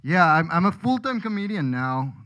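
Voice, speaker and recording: A man's voice: sits high, big pitch swings, moderate pace, a bit bright, poor audio. A man from Colombia, a comedian rambling through a self-deprecating stand-up set with frequent restarts.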